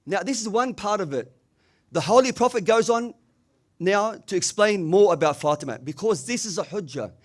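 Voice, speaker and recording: A man with a high voice delivers a sermon in a community religious hall. He tells a story with emphatic rhetorical asides and drops Arabic religious phrases into his English. His delivery swings between quiet, low passages and raised, stressed lines. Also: expressive, normal speed. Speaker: preacher.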